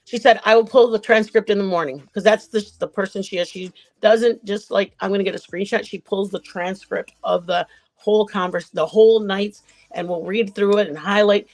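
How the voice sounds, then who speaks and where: A woman's voice: mid-range voice, fairly even intonation, normal speed, a little mellow. A woman on a livestream panel casually recounting a chat-room dispute, rambling and often correcting herself. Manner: rambling, self-correcting retelling.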